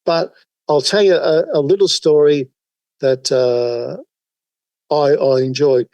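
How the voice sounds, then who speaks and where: Casting: older Australian bloke, rambling storyteller, fillers, dry close mic. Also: male voice, a little high, fairly even intonation, slow, darkish tone, dry recording, muffled recording. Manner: rambling, folksy, many fillers. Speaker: guest, emergency services volunteer. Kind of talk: casual interview storytelling.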